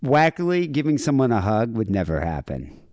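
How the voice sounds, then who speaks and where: A man co-hosting a podcast, rambling and crude, often breaking into laughter. His pitch swings widely as he talks. The sound is dry and close, with no room echo. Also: big pitch swings, moderate pace, a little mellow. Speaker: podcast co-host. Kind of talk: casual podcast banter.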